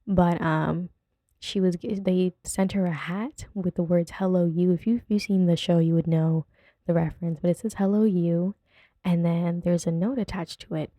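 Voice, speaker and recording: A woman for whom English is a second language hosts a loose podcast from home. Her voice sits a little low and is deeply mellow and dark. She rambles, laughs easily and drifts off topic, all in a dry, unechoing sound. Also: fairly even intonation, normal speed, no echo. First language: not English. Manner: chatty, rambling, easily sidetracked, giggly. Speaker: podcast host. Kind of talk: casual podcast chat. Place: at home with her dog nearby.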